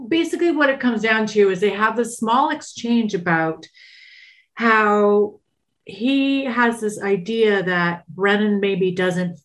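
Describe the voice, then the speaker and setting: A woman co-hosting a podcast talks through an episode in a chatty, wry way, with her thoughts full of filler words. Her pitch is mid-range. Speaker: podcast co-host. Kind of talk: casual episode recap.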